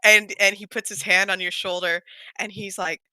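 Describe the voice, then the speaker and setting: A woman's voice: mid-range voice, level tone, bright, forceful tone, no echo, rough recording. Giggly woman describing scenes in a story game. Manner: giggly, halting, full of fillers. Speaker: player. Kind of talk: tabletop role-play storytelling.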